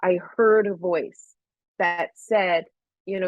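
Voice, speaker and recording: A woman's voice: lowish voice, fairly even intonation, slow pace, no room sound. A woman guest on a podcast, telling a personal story earnestly and repeating phrases for emphasis. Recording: dull, lo-fi, dry sound.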